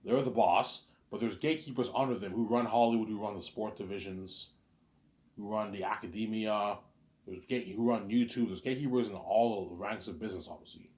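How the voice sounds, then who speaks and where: A man's voice: fairly low pitch, fairly quick, darkish tone. A man in a rambling, profane monologue, who often stammers and repeats words. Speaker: vlogger. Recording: echoey room.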